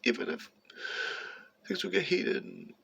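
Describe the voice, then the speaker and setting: Gravelly, husky man telling stories. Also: sits high, unhurried. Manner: profane, meandering, animated, talks aside to his cat. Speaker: vlogger telling a personal story. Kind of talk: rambling personal storytelling.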